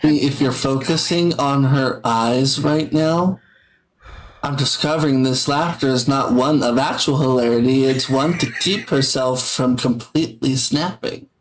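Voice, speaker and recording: A man's voice: medium pitch, measured pace, echoey room, a little hiss or hum, low-quality recording. A man co-hosting a paranormal podcast, trading wry, teasing banter in casual chat. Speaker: podcast co-host.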